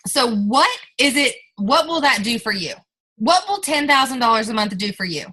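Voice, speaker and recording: A woman's voice: on the high side, animated, normal speed, bright, forceful tone, slightly rough, low-quality recording. A young woman giving an emphatic motivational training talk to her team, coaching and addressing listeners directly.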